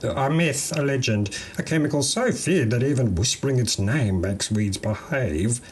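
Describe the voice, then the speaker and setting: A man's voice: medium pitch, animated, moderate pace, slight background noise, pitched above the performer's own voice, natural voice. A man doing an unflappable Australian gardener bloke. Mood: easygoing. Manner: drawling, easygoing, slangy.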